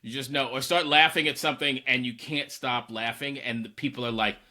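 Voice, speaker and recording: A man's voice: medium pitch, a little fast. A man co-hosting a podcast, telling stories casually and acting out what people said. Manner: animated, acts out quoted dialogue. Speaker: podcast co-host. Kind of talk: casual conversational storytelling.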